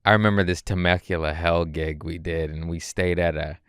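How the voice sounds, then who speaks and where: A man's voice: deep voice, flat delivery, a little fast, fairly bright tone, smooth, no echo, studio quality. A man, a guest comedian, telling loose and profane stories in casual podcast chat.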